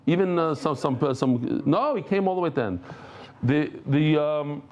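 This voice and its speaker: Man, middle-aged, Talmud lecture, animated, self-interrupting, bantering with audience, slightly raised pitch. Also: moderate pace, lo-fi sound. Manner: lively, jumps between thoughts, self-interrupting; banters with listeners in the room. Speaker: Talmud teacher.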